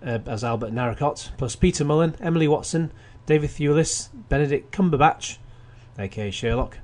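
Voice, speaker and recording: A man hosts a radio film show in a casual review style, reading plot summaries with wry asides and plenty of restarts. His voice sits on the high side, brisk and slightly mellow.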